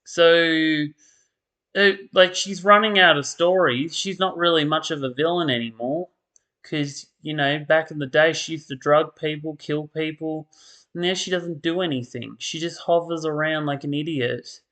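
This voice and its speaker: A man's voice: fairly high pitch, steady tone, a little slow, bright, forceful tone. A man, perhaps, ranting in casual commentary, tired and exasperated, with mocking impressions of characters. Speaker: soap opera commentator.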